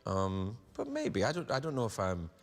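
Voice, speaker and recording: A man's voice: on the low side, wildly swooping pitch, normal speed. A man with a Scottish accent hosting a talk show, playful and teasing, often restarting his sentences. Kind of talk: casual chat. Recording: reverberant studio hall.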